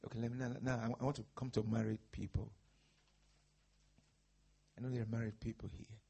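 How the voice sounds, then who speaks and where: A man preaching a sermon as a pastor, with a raspy, husky voice and dramatic swings from hushed tones to shouting. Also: on the low side, level tone, a little fast.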